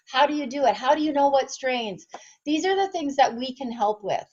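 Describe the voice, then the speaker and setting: Earnest, passionate woman coach, slightly high voice. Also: animated, normal speed, darkish tone, highs cut off, slight background noise. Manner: earnest, passionate, asks listeners rhetorical questions. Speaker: personal fitness trainer and nutrition coach. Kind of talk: direct-to-camera motivational talk.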